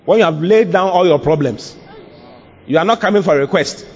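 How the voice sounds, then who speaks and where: A man preaching an animated sermon, laughing, mimicking voices and breaking into shouts. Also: sits high, a little fast, breathy edge. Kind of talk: lively sermon. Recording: dull lo-fi recording.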